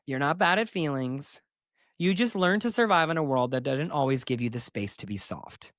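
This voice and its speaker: A man's voice: fairly high pitch, lively intonation, normal speed, fairly bright tone, no room sound, clean studio sound. A man hosting a solo podcast as a therapist, talking candidly and emphatically, with sassy asides.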